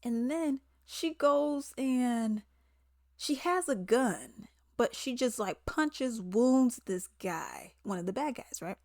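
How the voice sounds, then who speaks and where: A woman, casually recapping a movie, animated and exasperated, acting out the characters' lines. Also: on the high side, takes it slowly, no room sound, clean studio sound. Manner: chatty and animated, acts out characters' lines in quotes; exasperated, sarcastic asides. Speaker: movie reviewer.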